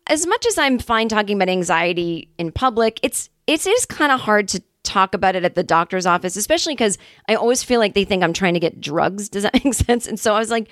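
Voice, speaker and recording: A woman's voice: mid-range voice, expressive, a little fast, hardly any pauses, fairly bright tone, dry recording, studio quality. A woman hosting a comedy podcast, telling a rambling, self-deprecating story and speaking openly about her anxiety in a casual way.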